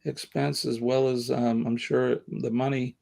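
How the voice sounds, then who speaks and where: A man's voice: medium pitch, level tone, a little slow, gravelly, a little mellow. A man with a Southern American accent hosting a live stream, chatting casually and rambling with many fillers. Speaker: livestream host.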